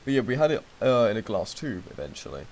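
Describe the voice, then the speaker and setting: A man's voice: lowish voice, very animated, quick pace, darkish tone, slight background noise. A young man streaming, telling a rambling story in casual chat with lots of fillers and acted-out quotes. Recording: music playing behind.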